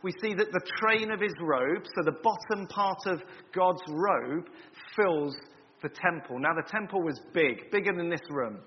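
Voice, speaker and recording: Man, sermon, measured and explanatory, slightly high voice, long hall reverb. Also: a little hiss or hum. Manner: measured, explanatory, frequent ums and repeats. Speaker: preacher. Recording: dull lo-fi recording in a reverberant hall.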